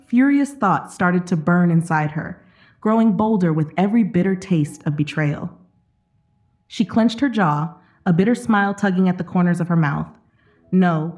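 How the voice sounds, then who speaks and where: A woman tells an emotional drama in a steady, scripted narration, her voice set fairly low. Soft music runs faintly beneath her words.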